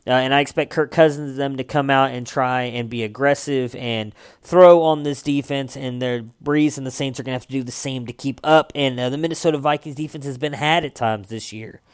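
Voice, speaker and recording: Smooth-voiced man giving casual sports rankings. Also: medium pitch, brisk, dry recording, studio quality. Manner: relaxed, conversational, frequent uh fillers. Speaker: fantasy football analyst.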